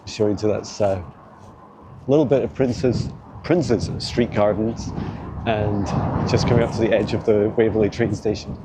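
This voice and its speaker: Guy rambling on a walking vlog, lowish voice, phone mic, street noise. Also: fairly even intonation, moderate pace. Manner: rambling, chatty, laughs often. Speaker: vlog host. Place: outdoors on city streets.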